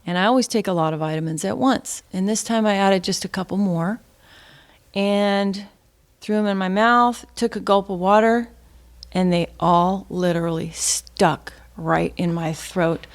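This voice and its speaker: A woman's voice: mid-range voice, fairly even intonation, unhurried. A woman telling a gathering an earnest, heartfelt personal testimony in a plain storytelling way. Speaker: speaker sharing a testimony with the gathering.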